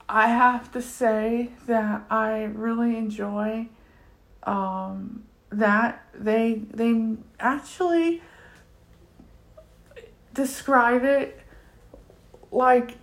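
Chatty woman reviewing a language course. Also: fairly high pitch. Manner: chatty, many fillers and restarts. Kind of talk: casual spoken review.

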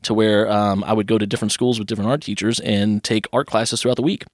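Brief: man, 30s, from Kentucky, quick chatty guest, lowish voice, dry close sound. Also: dry recording. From Louisville, Kentucky. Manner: chatty, rambling, animated voices for quoted people. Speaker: podcast guest, artist. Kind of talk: casual interview storytelling.

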